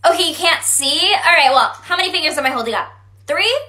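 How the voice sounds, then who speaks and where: A sassy teenage girl fusses over her best friend and snaps at others, as a woman acts her out. Her voice is very high and bright, with big dramatic swings in tone. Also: animated, fast talker, exaggerated voice. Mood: gushing. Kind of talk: comedy skit.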